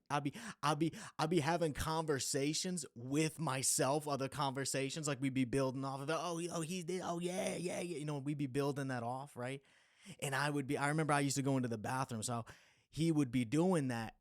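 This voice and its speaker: A man's voice: mid-range voice, no echo, clean studio sound. A man hosting a podcast solo, rambling through a story in casual slang. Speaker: podcast host.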